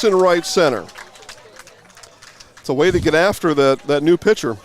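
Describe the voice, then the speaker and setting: A man calling baseball play-by-play outdoors, rising with excitement on big plays. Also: on the high side, normal speed, long pauses. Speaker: play-by-play announcer.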